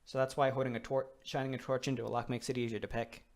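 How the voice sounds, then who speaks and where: A man's voice: medium pitch, little pitch movement, fast talker, gravelly. Rambling young man gaming. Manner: rambling, loose, swears casually. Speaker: let's play host. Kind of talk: casual gameplay commentary.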